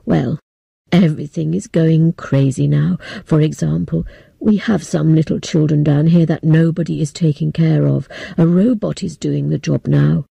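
A woman voicing a grave, apologetic old male president, lowering her voice and speaking slowly. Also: fairly even intonation, gravelly, mellow, slightly rough, dry recording, exaggerated voice. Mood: regretful. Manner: slow, solemn, regretful.

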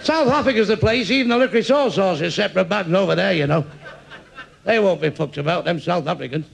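A man's voice: sits high, quick pace, vocal fry, noisy background. A man with a Mancunian accent doing a crude stand-up comedy routine, chuckling at his own punchlines.

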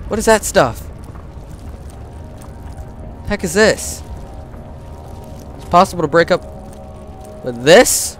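A young man yelps and panics through a horror game, reading text aloud between outbursts. His voice runs a little high, with faint game music behind. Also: lively intonation, slow pace, pauses often. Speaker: gamer. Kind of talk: horror let's play commentary.

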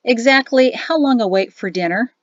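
A woman's voice: a little high, moderate pace, no room sound, muffled recording, lightly acted. A woman voicing a plainspoken colonel who talks with dry exasperation, in a storybook reading. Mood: exasperated.

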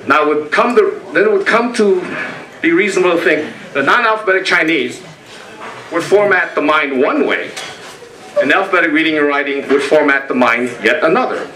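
An older American man giving a talk to a meeting. He tells stories, acts out quoted voices and pauses often. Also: a little high, expressive, pushed and bright, slight background noise. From United States. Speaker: speaker presenting a talk. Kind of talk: lecture to a meeting. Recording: echoey room, from far off.

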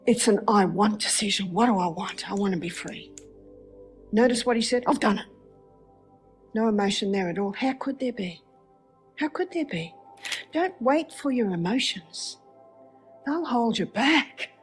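A woman's voice: fairly high pitch, expressive, moderate pace, pauses often, faint music behind. A woman giving a faith-based lecture, telling a story with rhetorical questions. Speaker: speaker.

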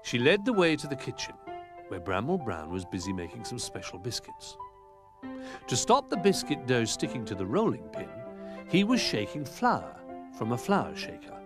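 A man reading a children's storybook aloud in an animated, expressive way. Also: medium pitch, normal speed, music in the background. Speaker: narrator.

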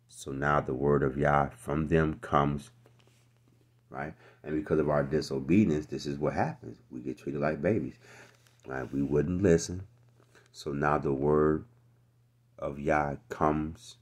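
A man with an extremely deep, low voice reads scripture aloud and comments on it line by line. He talks plainly and slangily to his viewers, repeats himself for emphasis and grows heated as he preaches. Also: steady tone, a little slow, long pauses, breathy edge. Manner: casual and slangy, talking straight to viewers. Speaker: scripture teacher. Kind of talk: verse-by-verse scripture reading and commentary.

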